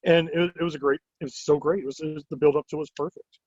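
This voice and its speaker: A man who owns a wrestling promotion, telling stories in a casual interview with an animated, rambling manner and many filler words. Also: on the high side, rapid-fire, no echo. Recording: dull lo-fi recording.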